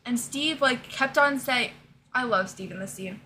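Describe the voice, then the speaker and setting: Young woman, high pitched, bright tone, giggly, casual chat. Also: normal speed, slight background noise. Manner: giggly, keeps cracking up while retelling scenes. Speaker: co-host. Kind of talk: casual chat recapping a TV series.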